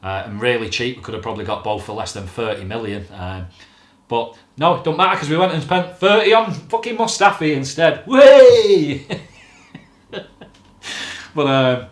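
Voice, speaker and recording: A man's voice: medium pitch, fairly quick, fairly bright tone. A man hosting a fan channel, ranting bluntly about football with plenty of swearing. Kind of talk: casual football rant to camera. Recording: echoey room.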